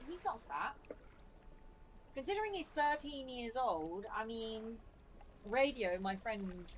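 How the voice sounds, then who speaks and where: A woman's voice: medium pitch, slight background noise, rough recording. Chatty woman streamer coaxing her dog. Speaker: game streamer. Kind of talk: casual live-stream chat. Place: home room with a fan running.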